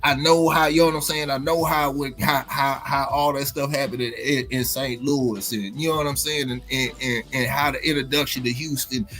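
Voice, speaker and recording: Rambling man with a bright voice. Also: mid-range voice, steady tone, brisk, few pauses, soft background music. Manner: rambling, many restarts and "you know what I'm saying". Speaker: livestream host. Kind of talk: casual chat.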